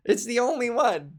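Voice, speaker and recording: A woman's voice: fairly high pitch, slightly rough. A woman comedian riffing alone on her podcast in a rambling, sarcastic, profane way, laughing between tangents, recorded in her bedroom. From Canada. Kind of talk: solo comedic monologue.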